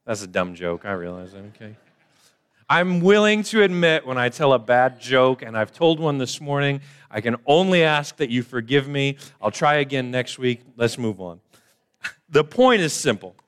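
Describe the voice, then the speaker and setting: A male pastor delivers a relaxed, conversational sermon at a church service. His voice sits at an ordinary middle pitch, and he talks plainly. He mixes scripture teaching with corny jokes that he then gently mocks. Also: normal speed, clear, resonant tone. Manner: casual, self-deprecating joking preacher.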